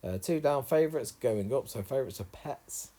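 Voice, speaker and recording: A man's voice: medium pitch, animated, normal speed, dark tone, rough recording. A man talking through crossword answers in a casual walkthrough, thinking aloud with frequent uhs. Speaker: crossword solver.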